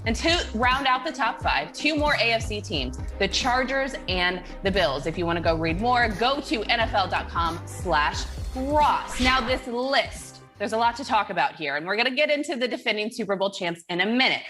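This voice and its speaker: Woman, sports TV host, upbeat, chatty, bright clear voice, studio, faint music underneath. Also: a little high, animated, moderate pace, hardly any pauses. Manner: upbeat, chatty, leads the segment. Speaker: morning show host. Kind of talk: live TV sports talk.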